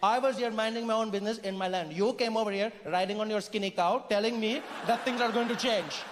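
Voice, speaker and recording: A man's voice: high voice, steady tone, fast talker, in a large hall, pitched above the performer's own voice, natural voice. A man doing a blunt, mocking man.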